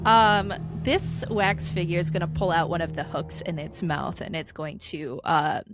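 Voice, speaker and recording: A woman's voice: on the low side, fairly even intonation, measured pace, over loud music. A woman game master who narrates the action loosely, with lots of "like" and "um" and frequent laughing. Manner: giggly, loose, peppered with likes and ums. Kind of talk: running a tabletop game, casual.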